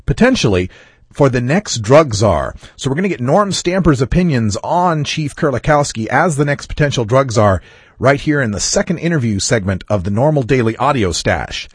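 Male podcast host, husky, animated delivery, dry close sound, wry casual chat. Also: medium pitch, normal speed, no echo. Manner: lively, wry, chatty delivery.

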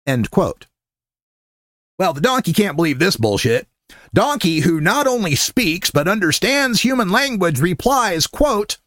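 A man with a high, very animated voice tells the tale with biting sarcasm and plenty of profanity. His pitch leaps up and down as he mocks the characters. The sound is dry and close, with no room around it. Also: unhurried, no echo. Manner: sarcastic, profane, swings pitch widely for jokes and quotes. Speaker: comedic storyteller. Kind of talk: sarcastic comedic retelling of a Bible story.

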